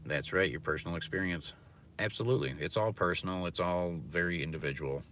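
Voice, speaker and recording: A man's voice: low voice, a little fast, a bit bright, a little hiss or hum. A man ranting profanely and philosophizing from his car during a casual livestream. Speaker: livestreaming delivery driver.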